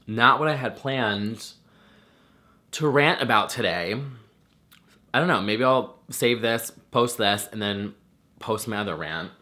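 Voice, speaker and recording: Male vlogger, lowish bright voice, loose and chatty, swears freely. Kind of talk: casual reaction rant.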